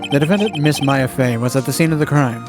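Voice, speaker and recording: A man's voice: medium pitch, fast talker, music in the background, natural voice. A man voicing a cool, smug young male prosecutor in a game, speaking with formal confidence. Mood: confident. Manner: formal, confident courtroom delivery.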